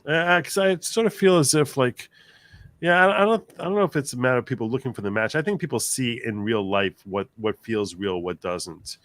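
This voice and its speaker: Speaking a little fast at medium pitch, with no echo, a man runs a casual livestream panel. He voices viewer comments out loud, imitates voices, and stays animated with frequent laughter.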